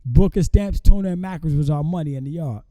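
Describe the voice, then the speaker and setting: Man in his thirties, slangy casual storyteller, fairly high pitch, very dark tone. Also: fast, dry recording. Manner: animated street slang, frequent "you feel me". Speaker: podcast guest.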